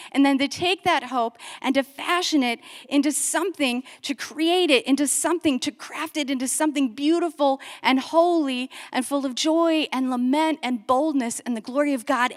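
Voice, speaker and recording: Woman speaker, fairly high voice, animated storyteller, hall reverb. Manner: animated storyteller, lively quoted voices, builds to exhortation. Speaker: conference speaker. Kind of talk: inspirational talk with storytelling.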